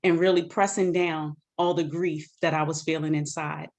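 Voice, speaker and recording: A woman's voice: low-pitched, steady tone, normal speed, a little mellow. A woman author giving an earnest personal testimony about grief on a video call, sometimes quoting scripture. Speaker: guest author.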